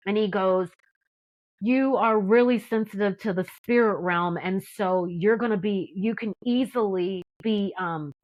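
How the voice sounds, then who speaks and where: A woman sharing her personal faith testimony in a casual, animated way, acting out what people said with lots of "like" and fillers. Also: mid-range voice, unhurried, low-quality recording. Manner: animated, acts out quotes, frequent "like". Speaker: testimony guest.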